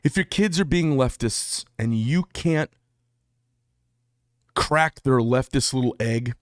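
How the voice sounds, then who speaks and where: A man mid-rant on his own channel, blunt and heated, swearing freely as he drives his points home. His voice sits at an ordinary middle pitch and sounds close and dry, with no room ring around it. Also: expressive, normal speed, no echo. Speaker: channel host. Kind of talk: political rant to camera.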